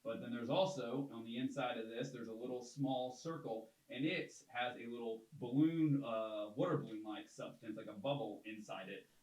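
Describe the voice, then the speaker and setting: A man's voice: medium pitch, moderate pace, hardly any pauses, darkish tone. A man who is a guest expert on a podcast, explaining step by step with many ums and uhs. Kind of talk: casual explanatory talk. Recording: roomy, a little distant from the mic.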